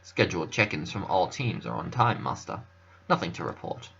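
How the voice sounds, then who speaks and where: A man voicing a deferential male butler who speaks low, hushed and formal. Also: sing-song, normal speed, vocal fry, slightly rough, highs cut off, heavily acted.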